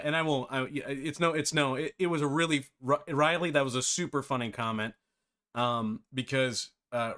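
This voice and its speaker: A man's voice: mid-range voice, fairly bright tone. Chatty man teaching on a livestream. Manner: chatty, self-deprecating, laughs often. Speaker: game development tutor. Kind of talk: live-streamed coding tutorial.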